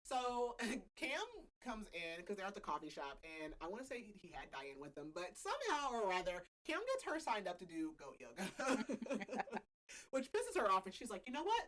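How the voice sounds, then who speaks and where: A young woman hosts a casual podcast chat, walking through a book's story with a lively, swooping voice. She talks loosely, sprinkles in "like" constantly, and breaks into laughter often. Her pitch sits in a middle range for a woman. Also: normal speed, poor audio. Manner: chatty, laughs often, heavy filler "like". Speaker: podcast host. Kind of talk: casual book-club recap chat.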